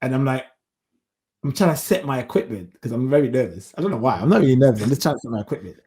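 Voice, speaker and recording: Lively storytelling podcast man. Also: mid-range voice, fast talker. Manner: animated storytelling, acts out quotes. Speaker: podcast co-host. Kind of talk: casual chat.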